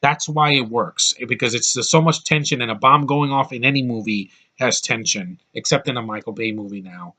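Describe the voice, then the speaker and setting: A man's voice: mid-range voice, fairly quick, few pauses, bright, forceful tone. A man giving a casual, rambling film review with blunt opinions and lots of restarts.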